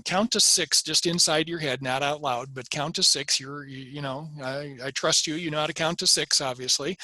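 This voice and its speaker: A man's voice: fairly high pitch, pushed and bright, no echo. A man from Nebraska giving a friendly webinar presentation over a video call, self-deprecating and guiding listeners through a breathing exercise. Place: home or office on a video call.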